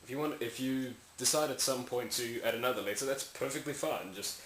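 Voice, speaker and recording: A mid-range, brisk male voice belongs to a language tutorial maker casually explaining speech sounds. He demonstrates every sound aloud while rambling and catching his own mistakes. Expect room echo and a faint hiss.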